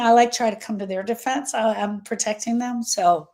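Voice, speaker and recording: A woman's voice: on the high side, steady tone, normal speed, a little mellow. Grief-coach host, woman, live-stream talk, repeats key points for emphasis. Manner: emphatic, repeats phrases, reads viewer comments aloud. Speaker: grief coach hosting a livestream.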